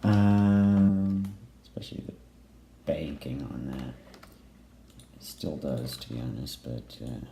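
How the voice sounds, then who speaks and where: A man talks over a game in slow, hesitant fragments, filling gaps with ums as he thinks aloud. His voice sits deep and mellow. The recording carries a roomy echo and faint background noise. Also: steady tone, faint music behind. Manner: musing, halting, many ums and pauses. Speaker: let's play gamer. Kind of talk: casual game commentary. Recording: echoey room, faint noise.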